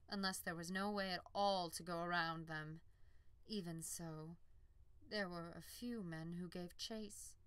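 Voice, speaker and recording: A woman narrating an audiobook in a calm, measured storytelling voice. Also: lowish voice, clear, resonant tone, no echo. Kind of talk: scripted narration.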